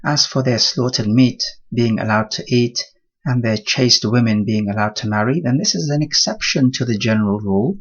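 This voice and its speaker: Male Quran teacher, husky voice, steady explanatory lesson, dull lo-fi sound. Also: medium pitch. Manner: measured explanatory delivery mixing Arabic terms.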